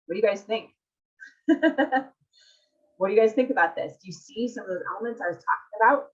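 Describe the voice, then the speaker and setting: A woman's voice: medium pitch, expressive, brisk, pauses often, highs cut off. A woman marriage coach presenting a live webinar, reading out audience comments and asking rhetorical questions.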